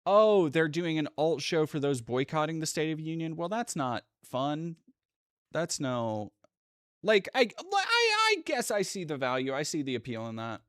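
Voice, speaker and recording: A man hosting a livestream, giving casual reaction commentary in a blunt, profane way with halting restarts. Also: a little high, expressive, clean tone, no echo, studio quality. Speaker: livestream host.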